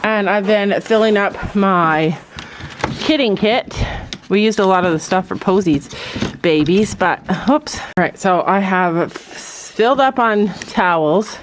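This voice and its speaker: A woman's voice: unhurried, a little hiss or hum. A middle-aged woman chatting casually on her farm, talking to her goats while filming. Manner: chatty, voices her goats in squeaky high tones. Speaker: vlogger. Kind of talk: casual farm vlog chat.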